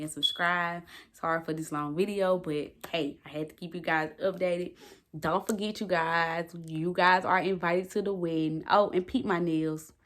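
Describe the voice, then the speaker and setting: A woman's voice: deep voice, a bit bright. A young woman vlogging to her phone, talking emphatically and swearing freely. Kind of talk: casual talk to camera.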